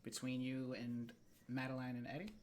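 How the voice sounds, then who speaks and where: Game master, narrates slow with long dramatic pauses, mid-pitched voice. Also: completely flat delivery, darkish tone. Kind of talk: narrating a tabletop role-playing game.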